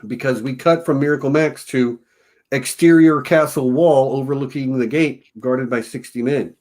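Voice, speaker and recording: A man's voice: mid-range voice, fairly even intonation, normal speed, a little mellow. A man from Texas co-hosting a casual film review podcast, enthusiastic and laughing often as he quotes lines. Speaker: podcast co-host.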